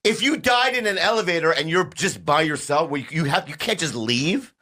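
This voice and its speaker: A man's voice: a little high, expressive, normal speed, bright, forceful tone. A man co-hosting a comedy podcast, riffing and acting out silly scenes in frantic voices. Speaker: podcast co-host.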